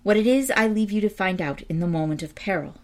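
A woman's voice: medium pitch, expressive, fast, darkish tone, natural voice. A woman voicing a young princess who is a confident, knowing enchantress, in a storybook reading.

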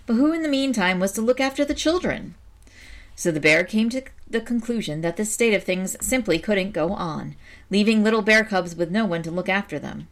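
Woman storyteller reading folk tales aloud, lowish voice, very lively intonation. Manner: expressive, animated.

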